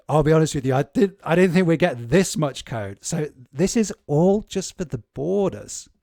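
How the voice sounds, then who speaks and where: A man's voice: a little high, sing-song, normal speed, vocal fry, warm tone, dry recording, studio quality. Chatty man teaching a live spreadsheet class. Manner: conversational, with frequent fillers and repeated words. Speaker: spreadsheet course instructor. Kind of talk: live screen-share tutorial.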